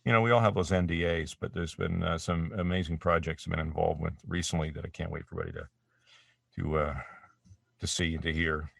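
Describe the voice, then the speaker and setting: Speaking fast in a low, gravelly voice with a steady tone, this Canadian voice actor rambles through a casual interview from his home studio. He's self-deprecating and keeps restarting his sentences. There's no echo, just a dry, slightly distant mic.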